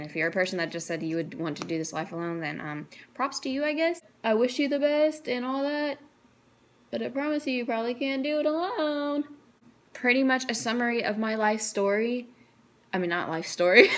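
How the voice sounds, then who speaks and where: Teen girl vlogger, heartfelt and chatty, emotional testimony to camera. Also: medium pitch. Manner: earnest and emotional, chatty with frequent "like". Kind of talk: personal faith testimony to camera.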